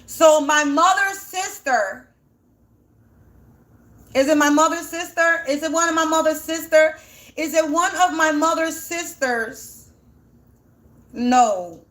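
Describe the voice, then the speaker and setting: High-voiced woman spiritual reader, teary-sounding, rambling self-questioning chat. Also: slow pace, long pauses, a bit bright. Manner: rambling, asks and answers her own questions. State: voice sounds teary, like near crying. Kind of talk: casual spiritual reading, thinking aloud.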